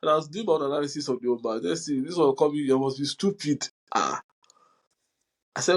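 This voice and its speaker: A man's voice: a little high, a little fast, rough recording. A young man, hosting a podcast in casual chat and telling stories animatedly with frequent laughter. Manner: animated storyteller, laughs often. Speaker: podcast host.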